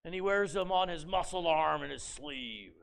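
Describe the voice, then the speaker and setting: A male pastor preaching a sermon as an animated storyteller, dramatizing scripture with rhetorical questions to the congregation. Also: fairly high pitch, normal speed, creaky. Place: church sanctuary.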